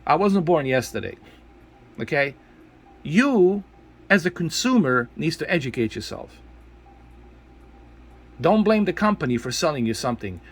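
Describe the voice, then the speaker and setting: A man with a high-pitched voice ranting at his audience in a video commentary. His pitch swings widely as he scolds, exasperated, and hammers his points by repeating them. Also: very animated, a little slow, long pauses, breathy edge. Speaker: tech video creator.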